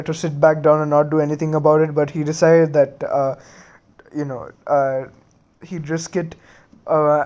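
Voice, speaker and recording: A man casually retelling a fan-made story, halting often with fillers and restarts. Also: on the high side, darkish tone.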